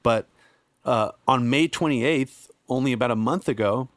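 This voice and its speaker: A man hosting a podcast, talking bluntly and swearing freely in casual chat. His voice is mid-pitched for a man and recorded dry and close. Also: measured pace, dry recording. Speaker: podcast host.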